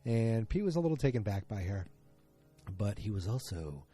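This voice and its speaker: Man, podcast host, rambling casual recap, mellow tone, faint music underneath. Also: on the low side, big pitch swings, breathy edge. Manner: rambling, frequent fillers, quick retelling of scenes.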